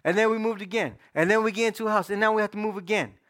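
A middle-aged man preaching a personal testimony in casual, slang-filled storytelling that swings between loud and hushed. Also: high voice, very fast. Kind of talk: sermon testimony.

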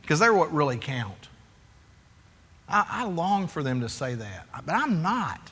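A man in his forties preaching a sermon as a pastor, animated and confessional, acting out quotes and calling for amens. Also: on the high side, measured pace, slightly rough. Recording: echoey hall.

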